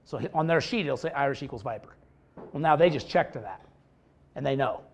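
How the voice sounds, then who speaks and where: A man, a high school football head coach, giving a casual clinic presentation in a blunt, joking way with some swearing. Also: animated, brisk. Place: presentation room with a live audience.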